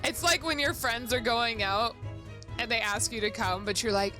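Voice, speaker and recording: A woman's voice: fairly high pitch, normal speed. A woman streaming a story game, chatting casually, swearing freely and laughing often. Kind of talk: casual gaming stream commentary. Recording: background music under the voice. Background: streamed background music.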